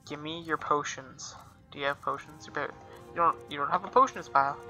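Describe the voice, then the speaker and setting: A young man with a slightly high voice, cursing and joking his way through a video game. His running commentary is sarcastic and offhand, with game music playing under it. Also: fairly quick, sharp tone. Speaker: gamer. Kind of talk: let's play commentary.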